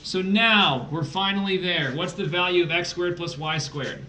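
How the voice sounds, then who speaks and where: A man's voice: high-pitched, moderate pace, bright, forceful tone. A man with a slightly raised voice walks through a math problem step by step, dropping playful asides as he teaches a streamed test-prep lesson. The room is echoey, with a faint hiss underneath. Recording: roomy echo.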